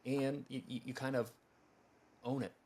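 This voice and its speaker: A man's voice: medium pitch, flat delivery, moderate pace, darkish tone. A man hosting an interview podcast, rambling with lots of filler words. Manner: rambling, heavy use of "like". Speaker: podcast host. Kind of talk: casual interview talk.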